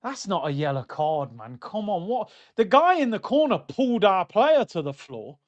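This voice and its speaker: A young man reacting live to a football match on stream, swinging between loud outbursts and low muttering. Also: big pitch swings, moderate pace, dull audio. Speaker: watchalong streamer.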